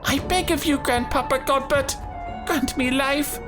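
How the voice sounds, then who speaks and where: A woman's voice: high voice, unhurried. A woman voicing an innocent, childlike mammet that longs to be a real boy, speaking earnestly. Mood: pleading. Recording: game audio with faint music.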